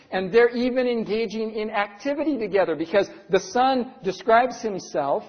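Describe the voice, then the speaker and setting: A middle-aged man preaching a sermon as pastor, earnest, asking his listeners rhetorical questions. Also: high-pitched. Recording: dull lo-fi sound with long hall reverb.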